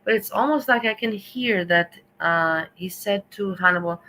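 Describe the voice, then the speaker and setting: Bright-voiced woman ranting on stream. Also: mid-range voice, moderate pace, slight background noise, rough recording. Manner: rambling, sarcastic, exasperated. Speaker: stream host. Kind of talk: commentary.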